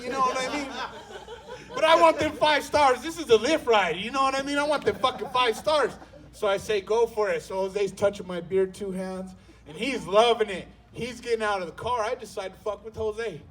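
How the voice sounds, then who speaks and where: A man's voice: high-pitched, normal speed, far from the mic. A man doing stand-up comedy, telling a long profane story and acting out the people in it with shifting voices. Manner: profane, animated, acts out characters with voice shifts.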